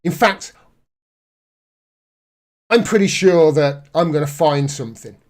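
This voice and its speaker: A man's voice: on the high side, takes it slowly, a little mellow. Sarcastic man ranting. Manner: sarcastic, indignant, reads news aloud. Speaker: political commentary host. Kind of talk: live-stream ranting commentary.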